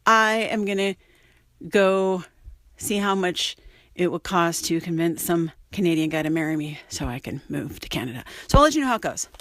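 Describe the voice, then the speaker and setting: A woman's voice: on the low side, expressive, normal speed, a bit bright, no room sound. A woman recording a casual message while distracted by packing for a trip.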